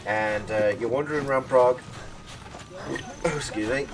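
A man giving casual gameplay commentary, excitable and swearing, with sudden shouts and laughs. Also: medium pitch, a little slow, distant mic, rough recording. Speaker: gaming video host.

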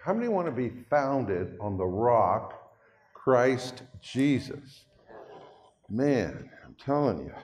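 A man's voice: mid-range voice, very animated, slow pace, darkish tone. An older man preaching a sermon to a congregation in a chatty, folksy way, with asides to the listeners. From Canada. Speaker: pastor. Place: church hall. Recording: long reverb of a hall.

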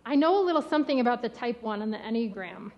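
A woman pastor giving a sermon with a gentle, rhythmic delivery. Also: a little high, expressive, fast talker, dull audio. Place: church sanctuary.

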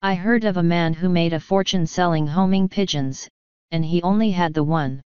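A woman voicing a sly, scheming male tomcat in an audiobook, wheedling and talking in quick asides. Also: lowish voice, a little mellow, smooth, no echo, muffled recording, lightly acted. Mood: grumbling. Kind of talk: audiobook character voice.

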